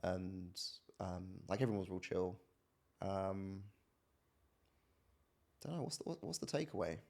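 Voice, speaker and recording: A young man, a podcast guest, telling stories in a relaxed, slangy way in casual podcast chat. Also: low voice, unhurried, gravelly. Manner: laid-back slangy storytelling, acts out relatives' voices.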